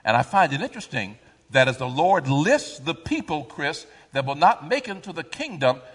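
A man preaching a sermon, reading scripture aloud and drawing the congregation in with call-and-response questions and sudden loud swells. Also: on the high side, big pitch swings, normal speed, breathy edge, in a large hall.

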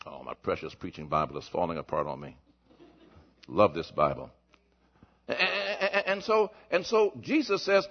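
A man preaching a sermon as pastor, swinging between shouted points and low, quiet asides. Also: very animated, moderate pace, creaky, long pauses. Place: church. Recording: muffled lo-fi recording.

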